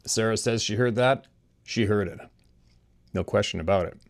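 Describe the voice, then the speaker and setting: Man, host, low voice, casual storytelling, rambling, chuckles. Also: moderate pace, vocal fry. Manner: rambling, chuckles often, talks to his audience. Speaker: host reading listener stories.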